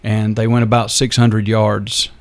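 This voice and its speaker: Older man, gravelly and flat. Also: on the low side. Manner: halting, unhurried storyteller with many pauses. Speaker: radio show guest. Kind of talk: interview storytelling.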